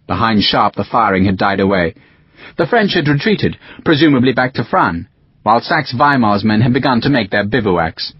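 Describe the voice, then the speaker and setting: Expressive male audiobook narrator, husky. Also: moderate pace, dry recording. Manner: expressive storytelling with varied pitch. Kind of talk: scripted narration. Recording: dull, dry audiobook recording.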